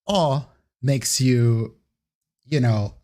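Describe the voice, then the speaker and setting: Man, game master, slow halting narration, lots of fillers, live-streamed tabletop game. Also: medium pitch, a little mellow.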